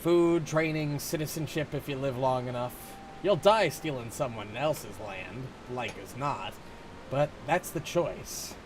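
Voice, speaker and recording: A man's voice: medium pitch, unhurried, background noise, lightly acted. A man reading game dialogue aloud, voicing a hardened resistance soldier in a blunt, matter-of-fact way.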